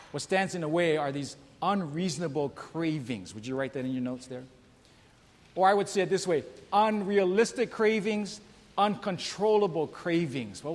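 A male pastor delivers a sermon in a somewhat high voice, speaking to his congregation and pausing to ask them questions. His words ring out with a long reverb, as if he were in a large church sanctuary. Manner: preachy, asks the congregation questions, reads scripture aloud; tells jokes in raised voices for the characters.

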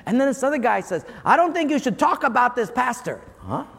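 Pastor, male, very high voice, animated storytelling sermon; big hall reverb. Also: fairly quick, creaky. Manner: animated, acts out quoted callers. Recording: long hall reverb, faint room noise.

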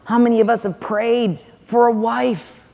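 A man's voice: extremely high pitch, fairly even intonation, unhurried, creaky, mellow. A man preaching a sermon as pastor, conversational and joking, putting questions to the congregation. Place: large church sanctuary. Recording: long church hall reverb.

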